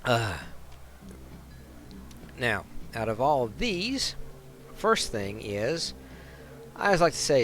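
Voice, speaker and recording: A man's voice: mid-range voice, big pitch swings, slow, pauses often, a bit bright, faint music behind. A man streaming a role-playing game, chatting casually and poking fun at himself. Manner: casual, self-deprecating. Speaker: gamer streamer. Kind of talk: let's play commentary and reading aloud.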